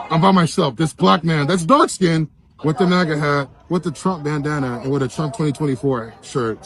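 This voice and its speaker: A man at a rally answering questions in a street interview, calm and steady with fillers. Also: mid-range voice. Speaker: rally attendee being interviewed.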